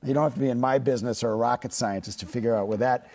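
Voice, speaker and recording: A Chicago journalist in his fifties, a Midwesterner, tells stories in a relaxed studio interview as a guest. He talks very fast in a medium-pitched, darkish voice, hesitating often with fillers and restarts.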